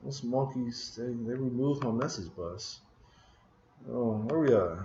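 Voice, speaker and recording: A man's voice: mid-range voice, animated, a little slow, dark tone, roomy sound, lo-fi sound, slight background noise. A man casually talking through code on his computer, muttering to himself in frustration as he searches for a missing tool. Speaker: programming screencast host. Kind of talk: casual live coding talk. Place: room at a computer. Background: keyboard typing and clicking.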